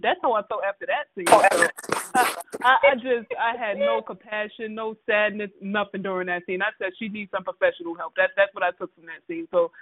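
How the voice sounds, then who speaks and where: A woman's voice: medium pitch, fairly even intonation, fairly quick. A woman co-hosting a casual soap opera recap, blunt and sassy in her opinions. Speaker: podcast co-host. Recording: tinny phone-like line, dry.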